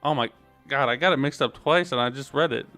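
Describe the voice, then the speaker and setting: A man's voice: mid-range voice, quick pace, sharp tone, faint music behind. A young man streaming a game, chatting casually with jokes and rambling asides.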